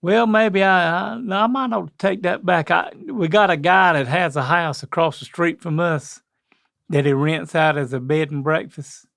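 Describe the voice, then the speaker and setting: A man's voice: fairly high pitch, a little slow, creaky, fairly bright tone, no room sound. Older southern guy, north carolina drawl, rambles and chuckles, dry close mic. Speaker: co-host. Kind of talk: casual chat.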